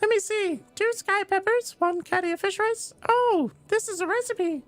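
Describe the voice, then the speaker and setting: A man's voice: very high voice, moderate pace, a bit bright, dry recording, faint music behind, voice pushed up. A man voicing a small, cheerful childlike alien boy who cooks, talking eagerly and curiously. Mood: chirpy.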